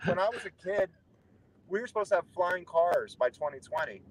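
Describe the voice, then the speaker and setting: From inside his car on a road trip, a young man with a high-pitched, expressive voice chats casually at a brisk pace. His talk is rambling, wry and offhand, and the rough recording picks up faint road and vehicle noise.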